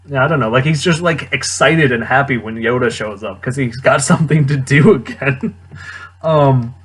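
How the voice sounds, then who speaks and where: A man's voice: medium pitch, moderate pace, slightly rough. A young man casually rambling through a wry movie commentary, often chuckling as he goes. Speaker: film reviewer.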